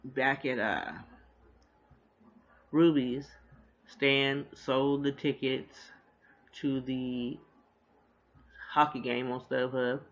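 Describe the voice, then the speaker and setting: A man with a gravelly, creaky voice gives a casual, profanity-laced recap of a TV episode. He talks in loose slang and tosses in blunt opinions as he goes. The recording sounds dull and lo-fi. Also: mid-range voice, steady tone, a bit bright. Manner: profane, slangy retelling with quick asides. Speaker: TV episode reviewer.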